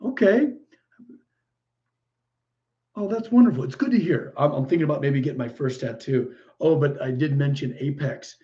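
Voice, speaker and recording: A man's voice: a little high, moderate pace, pauses often, mellow. A man hosting a livestream, chatting casually with viewers and reacting to their comments, chatty and easily delighted. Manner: chatty and easily delighted, frequent exclamations and laughs. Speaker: livestream host. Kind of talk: casual live chat reading viewer comments. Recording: muffled lo-fi stream audio.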